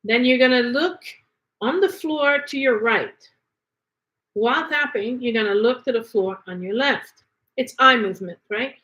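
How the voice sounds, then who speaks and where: A woman with a slightly higher voice walks through an energy-healing technique. Her talk is casual and conversational, full of rhetorical questions as she teaches. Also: a little slow, a bit bright, lo-fi sound. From Canada.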